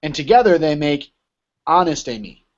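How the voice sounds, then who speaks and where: Male teacher, casual lecture, keeps asking "right?", slightly high voice, muffled lo-fi audio. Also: very animated, normal speed. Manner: explains with many rhetorical checks like "right?". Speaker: Greek teacher. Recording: dull lo-fi recording.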